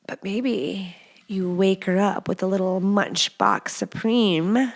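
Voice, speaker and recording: A woman's voice: mid-range voice, measured pace. A young woman hosting a podcast, giving casual advice in a chatty, playful way with many fillers. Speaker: podcast host.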